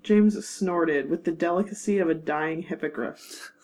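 A woman narrating a fanfiction audiobook in a measured, wry storytelling manner. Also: low voice, a little mellow, low-quality recording. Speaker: narrator and producer.

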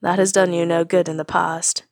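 A woman's voice: fairly low pitch, little pitch movement, normal speed, no echo, studio quality, natural voice. A woman voicing a remorseful father brought back to life, who speaks hesitantly with a subdued, bitter edge.

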